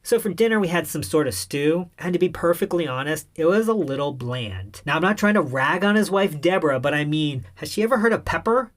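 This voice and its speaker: A man's voice: fairly high pitch, animated, brisk, hardly any pauses. A man narrating a comic first-person story in an irreverent, wry tone.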